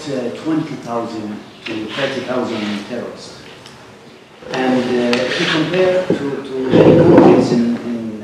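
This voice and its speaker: A man moderating a panel, asking questions haltingly with many fillers. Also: mid-range voice. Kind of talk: panel discussion. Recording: echoey hall, distant mic, loud noise.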